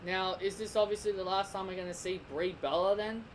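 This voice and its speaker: In a heated, opinionated rant, a young Australian man who vlogs about wrestling repeats himself and restarts his sentences. His high voice keeps fairly even intonation at a fairly quick pace, and the poor audio has a little hiss or hum.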